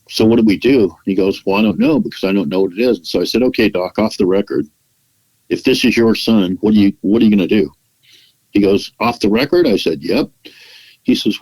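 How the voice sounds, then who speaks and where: Deep-voiced man telling a story. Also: darkish tone, poor audio. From California, United States. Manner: acts out quoted dialogue in his retelling; frequent restarts and "you know" fillers. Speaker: podcast guest. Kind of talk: conversational storytelling.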